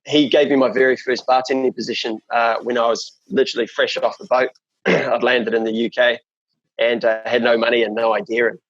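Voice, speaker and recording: A man's voice: mid-range voice, level tone, a little fast, a bit bright, no room sound, dull audio. A man from New Zealand with a New Zealand accent, chatting as an interview guest in a rambling way, full of fillers and restarts. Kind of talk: casual chat.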